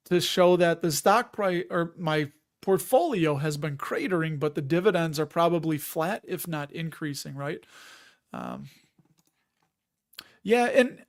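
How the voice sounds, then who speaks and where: A man hosting a live chat stream, talking in a loose, wandering way and sounding a bit worn out. His voice sits a little high for a man. He reads out viewer comments as he goes. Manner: rambling, chatty, reads viewer comments aloud. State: tired.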